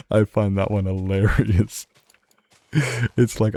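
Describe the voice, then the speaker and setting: A man's voice: lowish voice, animated, extremely slow, long pauses, breathy edge. A man streaming a game, chatting loosely and laughing at himself. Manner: rambling, laughs often, self-mocking. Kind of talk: casual gaming stream chat.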